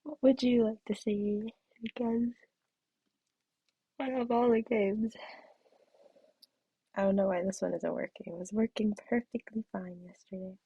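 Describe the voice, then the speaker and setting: A woman's voice: medium pitch, fairly even intonation, unhurried, long pauses, warm tone, husky, no echo. A young woman chatting casually on her live stream, giggly, with a throat that feels off and the odd whispered aside. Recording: dull, muffled stream audio.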